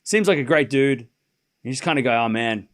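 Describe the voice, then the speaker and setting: Lively, animated man calling tennis scores. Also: mid-range voice, moderate pace. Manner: casual, swears freely, laughs often; calls scores between chatty asides. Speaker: stream host. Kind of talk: live sports watchalong commentary.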